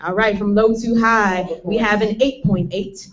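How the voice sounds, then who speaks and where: A woman's voice: medium pitch, fairly even intonation, unhurried. A woman counting down and reading poetry scores to a crowd in a playful, bantering way. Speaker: score reader. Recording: noisy crowded hall, dull sound.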